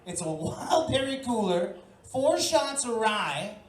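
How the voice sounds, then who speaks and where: A woman works a bar crowd with a brash, profane stand-up bit, building each story up to loud punchlines. Her voice sits a touch high. She is caught from a distance in a roomy, echoing bar. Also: big pitch swings, slow pace. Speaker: stand-up comedian and emcee. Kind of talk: stand-up comedy set. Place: bar comedy night, indoors. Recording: echoey bar room from far off. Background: audience laughter.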